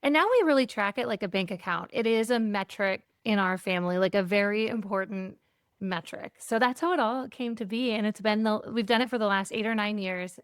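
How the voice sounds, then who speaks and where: A woman with a smooth, clean voice tells an animated story as a podcast guest. She acts out little bits of dialogue and fills her speech with a casual "like." The sound is dry and close, with no room echo. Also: mid-range voice. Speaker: guest, keynote speaker on joy.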